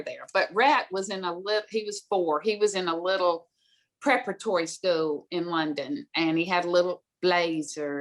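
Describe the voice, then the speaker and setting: Emphatic middle-aged woman telling stories. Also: on the low side. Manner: emphatic and direct. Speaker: guest speaker on money. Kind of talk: storytelling advice in an interview.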